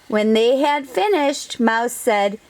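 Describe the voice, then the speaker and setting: A woman hosting a children's storytime, reading a picture book aloud gently and asking the children questions. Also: fairly high pitch, animated, takes it slowly.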